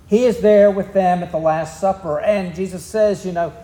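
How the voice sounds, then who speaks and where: High-voiced Southern preacher in an echoey room. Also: male voice, steady tone, normal speed, dark tone. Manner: folksy storytelling, drawling asides. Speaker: pastor. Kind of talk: sermon.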